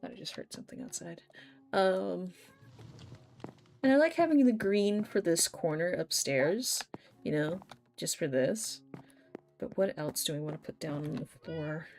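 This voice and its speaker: A woman's voice: fairly low pitch, expressive, a little slow, pauses often, darkish tone, soft background music. A young woman chatting casually while she plays a game on a live stream, telling stories animatedly and swearing now and then.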